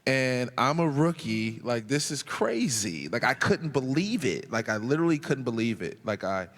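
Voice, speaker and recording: A man's voice: medium pitch, moderate pace. A man in his thirties, a former basketball player, telling stories as an interview guest and acting out his own past words in a raised voice. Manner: animated, acts out his own quotes in a raised voice. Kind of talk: interview storytelling. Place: large indoor hall at a museum event. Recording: reverberant hall.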